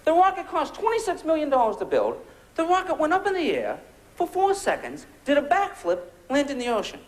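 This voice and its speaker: Before a laughing crowd at a comedy club, an American stand-up comedian lobs punchy rhetorical questions in a biting, sarcastic routine. He talks a little fast, his very high voice swinging widely in pitch.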